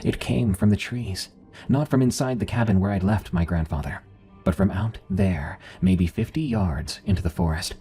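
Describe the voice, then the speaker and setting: Deep-voiced man narrating horror. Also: moderate pace, dark tone, slightly rough. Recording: faint music underneath.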